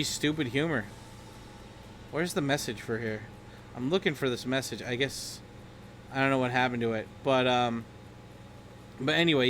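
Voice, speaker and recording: Young male vlogger, mid-pitched, rambling and irreverent, heavy on fillers and swearing. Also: a bit bright, slight background noise. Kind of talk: casual rambling commentary.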